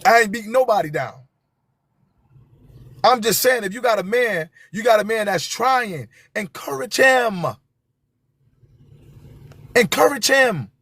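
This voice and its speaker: A man's voice: high voice, expressive, measured pace, pauses often, a bit bright, slightly rough, no echo. A man, hosting a live stream and talking to viewers with passion, repeating his key phrases for emphasis.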